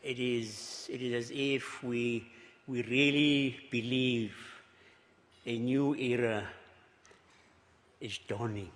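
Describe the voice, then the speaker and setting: A South African archbishop giving a luncheon speech, halting and repeating words, swinging between hushed remarks and exclamations with chuckling asides. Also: male voice, medium pitch, fairly even intonation. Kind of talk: after-dinner speech. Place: luncheon banquet hall. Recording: reverberant banquet hall.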